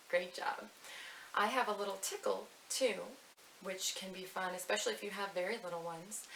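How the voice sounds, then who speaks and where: A woman leading a family story time at a library, chanting rhymes in a sing-song way, slowly for the snail and fast for the mouse. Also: mid-range voice, steady tone, creaky, fairly bright tone. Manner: sing-song, reads rhymes slowly and quickly to match the words. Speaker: children's librarian. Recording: echoey room with faint hiss.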